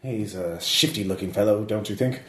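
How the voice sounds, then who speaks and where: A man voicing a posh, fretful noblewoman in a lilting high-society voice, in a tabletop game. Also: moderate pace, echoey room, slight background noise, lightly acted. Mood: suspicious. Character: posh fretful noblewoman, Lady Daffodil Blackwood.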